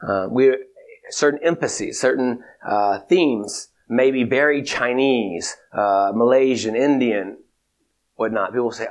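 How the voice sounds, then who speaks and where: A teacher with a mid-range voice gives a theology lecture, measured and emphatic, repeating his key points.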